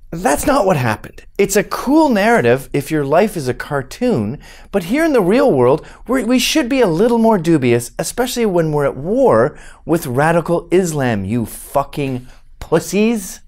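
A man's voice: on the high side, very animated, measured pace. Sarcastic, profane male commentator. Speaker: political commentator. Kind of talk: sarcastic political rant.

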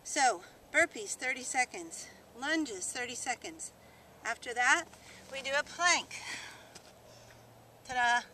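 A cameraman's camera mic records a woman leading an outdoor workout demo out in the countryside, cheerfully encouraging her audience. She speaks slowly and expressively in a high, pushed, bright voice with frequent pauses, over a faint hiss or hum.

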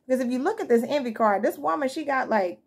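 A woman's voice: high-pitched, animated, fast, slightly rough. A woman giving a casual, slangy tarot reading to her viewers, sounding like she just woke up. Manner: chatty, slangy, addresses viewers as y'all and fam. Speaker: tarot reader.

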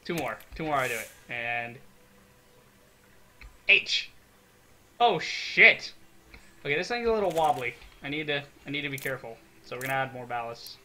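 A young man giving excitable, swear-filled let's-play commentary, talking to himself as he builds in a game. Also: medium pitch, quick pace, hardly any pauses, a little hiss or hum. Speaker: gaming video creator.

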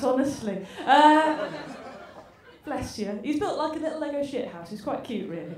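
An English comedian with a high-sitting, lively voice at normal speed teases her theatre audience brashly during a stand-up set. Crowd noise and laughter come through on a roomy recording captured from a distance.

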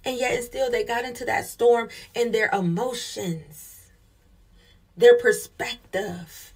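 A woman's voice: fairly high pitch, a little slow. A woman preaching a sermon with fervor, calling out to her listeners as she builds her points. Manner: fervent call-and-response preaching.

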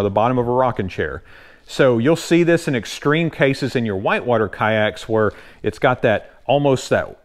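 Man, Southern US accent, mid-pitched voice, casual instructional explainer, folksy and relaxed, loose fillers. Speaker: kayak channel host and retailer.

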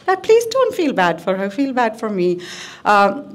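A woman doing stand-up comedy on stage in front of a live audience, with deadpan delivery and crude punchlines. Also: medium pitch, a little slow. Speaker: guest comedian.

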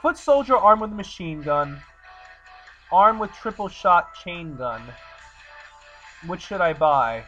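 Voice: medium pitch, expressive, takes it slowly, long pauses, bright, forceful tone. A gamer giving let's play commentary, exasperated and talking back to the game. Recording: slightly muffled recording, faint game music.

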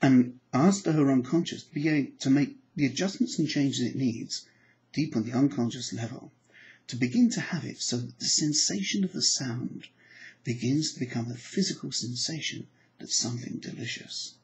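A man's voice: mid-range voice, normal speed, low-quality recording. Man telling stories in a hypnotic lilt. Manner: storytelling, acts out quoted dialogue, soft hypnotic phrasing. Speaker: psychology trainer and hypnotherapist. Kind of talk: anecdotal teaching talk.

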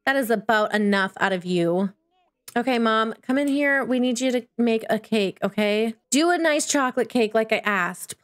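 Bubbly high-voiced woman gaming. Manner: bubbly, chatty, excitable with sudden squeals. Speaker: gaming YouTuber. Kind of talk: Let's Play commentary.

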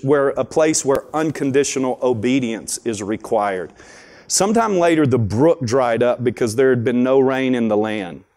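A man's voice: mid-range voice, darkish tone. Folksy male preacher telling stories. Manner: folksy, conversational storytelling. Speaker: preacher at a school chapel. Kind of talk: sermon.

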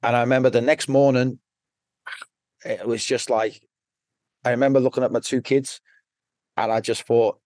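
A man's voice: medium pitch, level tone, normal speed, long pauses, darkish tone, no room sound, studio quality. A man with a Liverpool accent, a podcast guest telling his story bluntly, rambling and swearing constantly. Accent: Liverpool (Scouse). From Liverpool, England. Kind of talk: casual storytelling.

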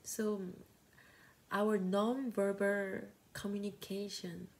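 A young woman with a Korean accent, a native Korean speaker, teaching counseling skills in a slow, gentle, often whispery voice. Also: medium pitch, flat delivery. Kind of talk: soft-spoken teaching talk.

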